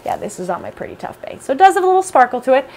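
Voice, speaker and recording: A woman's voice: high-pitched, very animated, rapid-fire, darkish tone, slight background noise. A woman hosting a casual podcast from home, chatting in a rambling, self-deprecating way. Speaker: podcast host. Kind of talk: casual chat. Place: home basement room with space heater.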